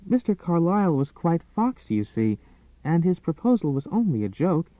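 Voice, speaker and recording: High-pitched proud young lady played by a man, breathless and pleading, lively voice, phone-like audio. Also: moderate pace, dry recording. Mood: gentle. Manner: breathless, pleading when afraid. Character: proud young noblewoman, spirited then frightened. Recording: dry, tinny phone-like sound.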